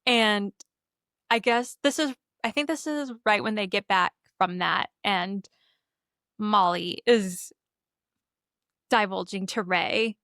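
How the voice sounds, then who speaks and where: Speaking slowly and pausing often, a young woman co-hosts a podcast and animatedly recaps a movie, voicing the characters' lines in casual chat. Her mid-range voice is a bit bright, and the recording is dry, clean studio sound.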